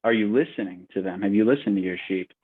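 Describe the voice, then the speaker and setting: A man voicing a patient old man who asks calm, probing questions, over tinny call audio. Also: on the low side, quick pace, breathy edge. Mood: questioning.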